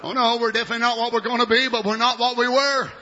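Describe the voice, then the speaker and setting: A man preaching an impassioned sermon, shouting and exclaiming glory and hallelujah. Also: very high voice, level tone, quick pace, muffled recording, a faint crowd.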